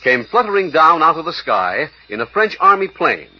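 Husky guy narrating old radio adventure, animated voice, dull sound. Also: fairly high pitch, moderate pace. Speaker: narrator and announcer.

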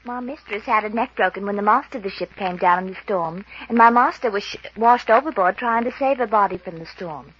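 An actress playing a young English lady's maid stranded on an island, with an English accent and a husky voice, in 1940s radio acting style. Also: mid-range voice, fairly quick, few pauses, close to an everyday voice. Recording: dull old radio broadcast.

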